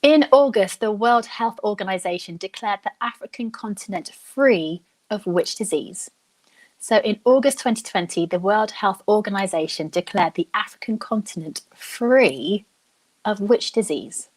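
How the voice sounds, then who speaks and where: A young woman hosting a live online quiz, chatting and thinking out loud, reading each question slowly and then repeating it. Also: medium pitch, lively intonation. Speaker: quiz host.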